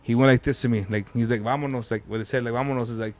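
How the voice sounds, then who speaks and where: A man's voice: mid-range voice, steady tone, rapid-fire, darkish tone. A man telling a story as a podcast guest, rambling and swearing, with Spanish words dropped in. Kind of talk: casual storytelling.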